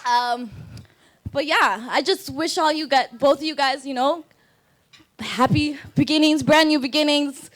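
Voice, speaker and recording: A young woman giving her toast as maid of honor. She speaks in a high voice, casual and rambling but heartfelt. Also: unhurried, fairly bright tone. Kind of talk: wedding toast.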